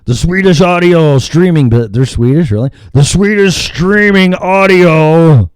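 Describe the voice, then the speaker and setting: A man's voice: on the high side, a little slow, clean tone, no echo, studio quality. A male talk show host rambling through news items in a crude, ad-libbed way, humming filler sounds between lines. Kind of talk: casual ad-libbed radio talk.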